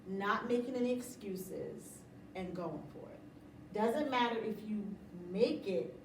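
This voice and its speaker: A woman's voice: medium pitch, roomy sound, recorded from a distance, slight background noise, rough recording. A middle-aged woman talking about running her business in a casual interview, emphatic and motivational, often laughing. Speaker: interview guest, business owner.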